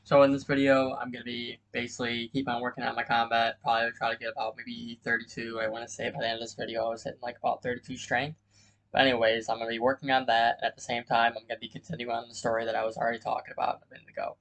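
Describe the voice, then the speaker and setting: A man's voice: medium pitch, racing. A man in his late twenties telling a personal story in a casual, rambling way while playing a game, with lots of swearing. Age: 20s. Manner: rambling, profane, animated when retelling. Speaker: gaming YouTuber. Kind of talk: casual storytelling over gameplay.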